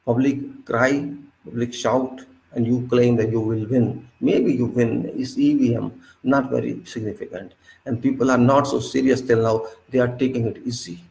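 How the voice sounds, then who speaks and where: A man's voice: mid-range voice, steady tone, normal speed, creaky, darkish tone, rough recording. A man giving an impassioned political monologue, indignant and lecturing, repeating his points over and over. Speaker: political commentator.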